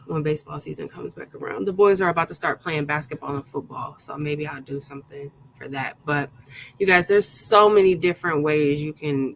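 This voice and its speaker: A woman with a lowish voice hosts a live craft stream, talking loosely and warmly to her chat and reading off viewers' names one after another. Her talk is relaxed and full of little fillers and restarts. A faint hiss of background noise sits under her voice. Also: poor audio. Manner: chatty, greets viewers by name, many fillers. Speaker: craft tutorial host.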